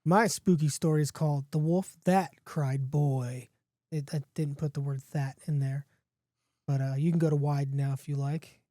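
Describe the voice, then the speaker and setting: A man's voice: on the high side, steady tone, normal speed, dark tone, no room sound, clean studio sound. A podcast host reading his own spooky story in a casual, playful way, with a few restarts.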